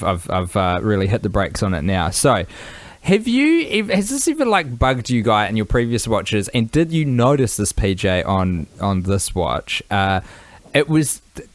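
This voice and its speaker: A man co-hosting a podcast, asking questions in an animated, jokey way. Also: medium pitch, moderate pace, dry recording. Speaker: podcast co-host. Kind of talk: casual chat.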